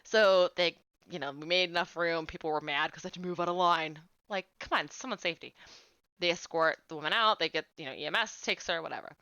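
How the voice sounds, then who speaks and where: A woman's voice: lowish voice, quick pace, pushed and bright, smooth, no room sound. A woman in her late twenties, a game streamer chatting casually with viewers and telling stories, full of "like". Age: 20s. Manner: chatty storyteller, fillers of "like".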